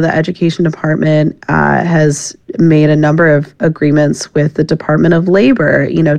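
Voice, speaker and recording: Woman reporter, gravelly fry in the voice, dry close sound, conversational explanation. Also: deep voice, a little mellow, no room sound. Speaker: reporter, interview guest. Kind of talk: radio interview.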